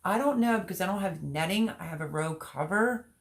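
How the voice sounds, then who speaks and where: Low-ish voiced woman rambling on her garden live stream, reading chat comments, super casual. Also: expressive, a little fast, creaky. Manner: chatty and rambling, talks while showing seed packets; reads viewer comments aloud and answers them. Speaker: gardening channel host.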